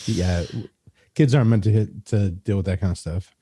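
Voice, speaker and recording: A man's voice: fairly low pitch, normal speed, dark tone, slightly rough, dry recording. A young man, a guest on a podcast, telling a childhood story in casual chat with wry laughter. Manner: wry storyteller, laughs through his tales.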